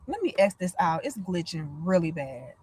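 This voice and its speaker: A woman's voice: fairly low pitch, moderate pace, slight background noise. A woman in her thirties, from the United States, hosting a casual livestream chat, blunt and profane, telling stories with lots of energy. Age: 30s. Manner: blunt, profane, animated storytelling. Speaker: livestream host.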